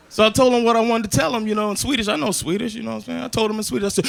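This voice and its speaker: An American man performing a loose, conversational stand-up comedy set in a club, switching to loud shouted voices for his acted bits. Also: very high-pitched, steady tone, very fast, vocal fry, few pauses. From United States. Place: comedy club stage with a laughing audience. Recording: live club recording with audience noise.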